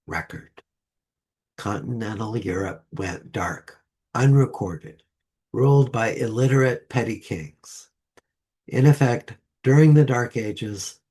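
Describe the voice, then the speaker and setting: A man delivering a sermon to a congregation with a slow, measured delivery and deliberate pauses. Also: medium pitch, darkish tone, slightly rough. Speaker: lay speaker. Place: church sanctuary.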